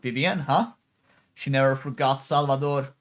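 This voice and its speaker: A man voicing a suave older woman, a theater patron, in a smooth, knowing manner while reading a game story aloud. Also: mid-range voice, fairly even intonation, normal speed, close to an everyday voice.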